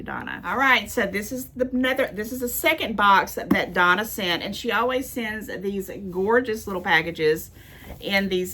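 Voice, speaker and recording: An older grandmother vlogs as she opens gifts and chats, gushing and thankful, repeating her thanks and coming close to tears. Her voice is fairly low, bright, and forceful, with a little hiss or hum in the recording.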